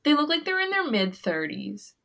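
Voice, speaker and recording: A young woman co-hosting a podcast, talking casually with quick asides and lots of filler words. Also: high-pitched, sing-song, creaky, pushed and bright. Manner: chatty, giggly, quick asides, many "like" fillers. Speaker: podcast co-host. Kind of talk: casual chat.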